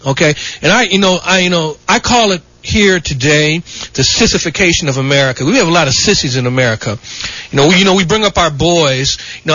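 Middle-aged male talk radio host, combative and rambling, high bright voice, dull dry radio sound. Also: dry recording. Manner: combative, rambling, heavy on "you know" and "okay". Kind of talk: opinionated talk radio monologue.

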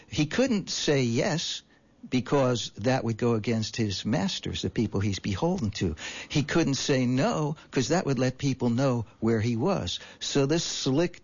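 A man's voice: mid-range voice, darkish tone, lo-fi sound. A man guest on a call-in radio show, telling his story in an indignant, rambling way. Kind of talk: animated call-in radio talk.

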